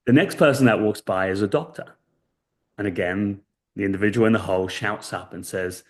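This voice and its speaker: A man guest on a podcast interview, earnestly telling a story and tagging points with quick checks for agreement. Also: on the low side. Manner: earnest storytelling, many fillers and "right?" tags. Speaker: guest expert. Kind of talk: casual interview chat.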